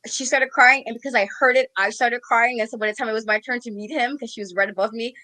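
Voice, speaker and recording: A woman co-host chatting casually in an animated, open way, someone who admits she cries easily. Her voice sits a bit high for a woman and sounds dry and close-miked. She talks quickly through her thoughts with bursts of feeling. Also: no room sound, rough recording. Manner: animated, self-described crier. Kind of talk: casual chat.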